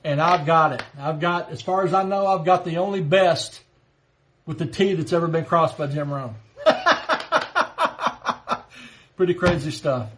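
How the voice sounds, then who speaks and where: Guy in his 50s, kinda high voice, chatty storyteller on a live stream, chuckles while he talks. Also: moderate pace, slight background noise. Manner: animated anecdote teller, chuckles as he talks. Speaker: livestream host. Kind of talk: casual storytelling.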